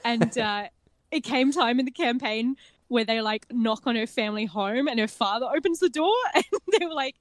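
A woman co-hosting a tabletop game podcast in casual chat, animated and laughing often. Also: a little high, brisk, no echo, clean studio sound. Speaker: podcast co-host and game master.

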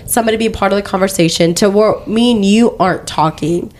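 A woman's voice: mid-range voice, fast, darkish tone, slight background noise. A young woman co-hosting a casual podcast with her sister, congested from a cold, chatty and giggly with a rambling way of talking. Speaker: podcast co-host. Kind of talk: casual chat.

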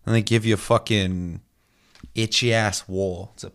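A man's voice: lowish voice, fairly even intonation, moderate pace, a bit bright, smooth. Profane ranting male podcast host. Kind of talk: casual gaming podcast chat.

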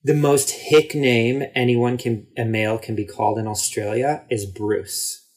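Man, mid-pitched voice, relaxed storytelling, casual podcast chat. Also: a little slow.

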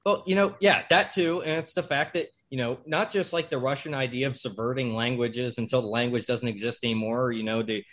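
A man's voice: mid-range voice, fairly quick, hardly any pauses, a bit bright. Loose, swearing man in podcast chat. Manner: loose, swearing, many "you know"s. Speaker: podcast guest. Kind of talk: casual chat.

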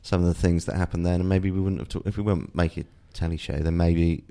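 Middle-aged man, very deep voice, reflective, halting restarts, candid interview guest. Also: fairly even intonation, creaky, mellow, clear, resonant tone. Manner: reflective, searching for words with frequent restarts. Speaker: guest, father and TV writer.

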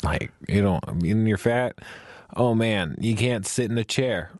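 A man's voice: lowish voice, unhurried, no echo, studio quality. A man hosting a casual podcast chat, joking and rambling as he tells stories. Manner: joking, rambling, animated storytelling.

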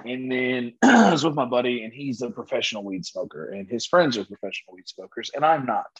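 A man's voice: mid-range voice, fairly quick, slightly rough, rough recording. A man guesting on a podcast, telling a story in casual chat and laughing along with it. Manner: animated, laughs through his own story.

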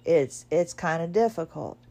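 A woman's voice: low-pitched, animated, a little slow, vocal fry, dark tone. Chatty woman telling a personal story. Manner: chatty, self-deprecating, laughs at herself. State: wearing a neck collar, recovering from illness. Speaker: podcast host.

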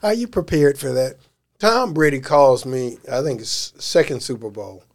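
A man, a life coach, telling stories in a casual interview; he is animated, laughs often and uses slang. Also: medium pitch, moderate pace.

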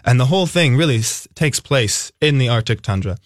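A man with a Minnesota accent talks about his stage work as a radio guest. His voice sits in the middle range, and he explains things at length in a lively, playful way. The studio mic is close and dry, with no room sound. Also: mid-range voice, fairly quick, no room sound. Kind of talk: casual radio interview.

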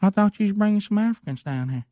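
A man's voice: high-pitched, animated, fast talker, dark tone, no echo, studio quality, voice pushed up. A man doing a puzzled country guy. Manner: drawling, puzzled questions. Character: bewildered rural Southern man, bulldozer operator.

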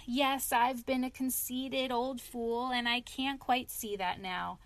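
A woman voicing a boastful, excitable male toad in a storybook reading, with dramatic exclamations. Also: a little high, slow pace, dry recording. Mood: humble.

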